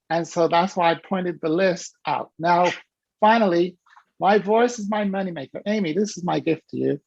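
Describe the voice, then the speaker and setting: A man giving an animated motivational talk on a video call, preaching and acting out quotes. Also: sits high, moderate pace, vocal fry, husky, no echo, highs cut off. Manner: preachy, acts out quoted voices, laughs often. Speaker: guest speaker on a virtual summit call.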